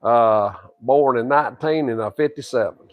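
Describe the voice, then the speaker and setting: Male 60s, drawl, deadpan storyteller, dry mic. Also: medium pitch, normal speed, dry recording, muffled recording. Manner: drawling, rambling tall tale with a deadpan punchline. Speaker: co-host, grandfather. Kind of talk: folksy storytelling and casual wrestling chat.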